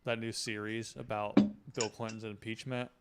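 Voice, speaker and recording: A man's voice: on the low side, little pitch movement, moderate pace, very noisy. A man co-hosting a podcast, chatting casually with frequent hesitations and fillers. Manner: hesitant, lots of likes and ums. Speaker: podcast co-host.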